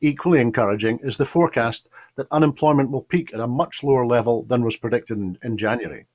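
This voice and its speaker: A man presenting the news, questioning a guest and reading a bulletin in a measured, steady way. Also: medium pitch, dry recording.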